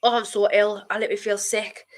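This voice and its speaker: A young woman with a blocked nose, chatting nervously and excitedly through a live football watchalong and breaking into sudden exclamations. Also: mid-range voice, fast. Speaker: streamer hosting a football watchalong.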